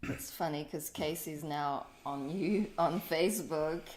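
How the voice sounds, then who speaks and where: A woman's voice: low voice, measured pace, a little mellow. A woman co-hosting a livestream, chatting casually and affectionately with callers. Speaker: co-host of spiritual livestream. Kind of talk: casual chat.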